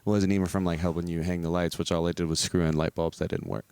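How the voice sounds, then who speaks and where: Young male podcast host, deep voice, casual and giggly, slightly drunk, dry sound. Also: fast talker, clear, resonant tone, no room sound. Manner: laughs often, excitable, swears casually. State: out of breath, tipsy. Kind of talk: casual chat.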